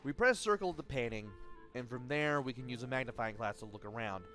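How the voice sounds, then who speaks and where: A man giving casual gameplay commentary as a let's play host. His pitch is ordinary and his delivery is steady and explanatory. Faint game music sits beneath his voice-over. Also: a little fast.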